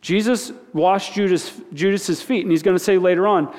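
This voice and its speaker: A pastor speaks at normal speed with hardly any pauses, his voice high-pitched and a little mellow. His sermon in church is conversational and informal, full of repeated words and questions to the audience, echoing with a large hall's long reverb.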